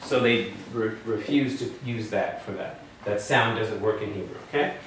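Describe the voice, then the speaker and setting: A man's voice: lowish voice, moderate pace, fairly bright tone, slight background noise. Man teaching a class in a roomy hall. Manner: patient, asks the class questions. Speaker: Hebrew teacher. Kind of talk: classroom lecture. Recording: echoey room from far off.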